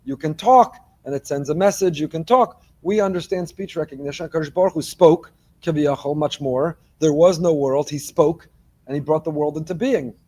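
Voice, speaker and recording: A man, a rabbi, giving a morning Torah class with lively delivery and joking asides to his listeners. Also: on the high side, normal speed. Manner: animated, joking asides to the congregation.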